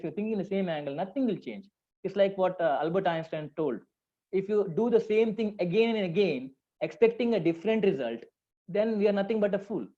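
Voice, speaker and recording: A man's voice: sits high, warm tone. A man with an Indian English accent, a counselor giving a motivational talk to students, conversational and asking the audience questions. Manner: conversational, asks the audience questions, repeats phrases. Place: lecture hall. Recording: dull lo-fi sound.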